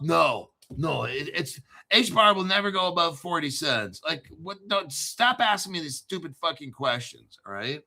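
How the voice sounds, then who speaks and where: A man's voice: high-pitched, lively intonation, unhurried, creaky, sharp tone. A man hosting a crypto channel, ranting brashly and sarcastically and swearing a lot. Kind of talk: profane ranting monologue.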